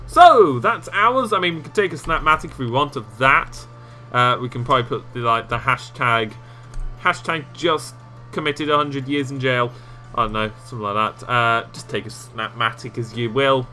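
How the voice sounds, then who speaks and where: A man walking viewers through video editing software in a casual, rambling tutorial with self-mocking asides, recorded on a desktop microphone. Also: mid-range voice, normal speed, soft background music. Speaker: game tutorial host.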